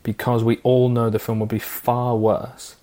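A man co-hosting a film podcast, calm and reasonable, weighing his points carefully. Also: mid-range voice, a little slow. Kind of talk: casual film review chat.

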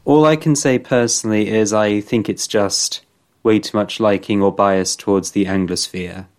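A man with a somewhat low voice adds short, plainspoken comments to a film podcast discussion. He keeps his points direct and to the point. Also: fairly even intonation, normal speed. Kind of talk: casual film review chat.

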